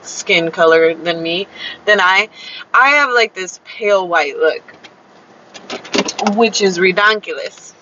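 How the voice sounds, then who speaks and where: A woman's voice: lowish voice, animated, takes it slowly, pauses often, sharp tone. A young Chicana woman, chatting casually on a live stream, telling a story with lots of fillers and quoted dialogue. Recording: slightly dull lo-fi sound with faint background noise.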